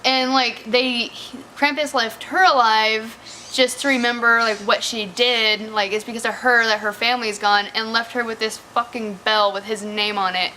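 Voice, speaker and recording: A woman's voice: a little high, fairly even intonation, moderate pace, pushed and bright, slight background noise. A woman casually reviewing a movie, chatty and profane, peppering her talk with "like". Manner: chatty, profane, heavy use of "like". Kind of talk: casual chat.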